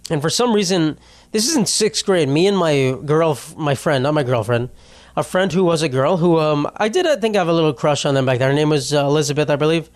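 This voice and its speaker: A young man with a voice a little higher than most talks through a solo podcast episode. He rambles and drifts off topic, swears freely and laughs at himself mid-sentence, with a self-deprecating edge. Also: expressive, fairly quick. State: tearful after a loss. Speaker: podcast host. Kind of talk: casual solo podcast monologue.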